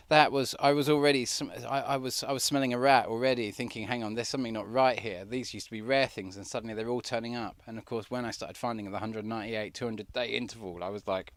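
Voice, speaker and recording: An earnest man talks in a rambling way and often starts his sentences over. His voice sits at an ordinary middle pitch. The sound is dry and close. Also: clean tone, no room sound. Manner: earnest, rambling, many restarts. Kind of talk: rambling personal talk.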